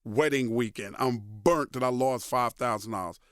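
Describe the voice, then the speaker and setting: A man, a radio personality telling stories as a guest in a casual interview, animated and swearing freely. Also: mid-range voice, normal speed, clear, resonant tone, no echo, studio quality. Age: 50s. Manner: profane, animated storyteller who voices others in quotes.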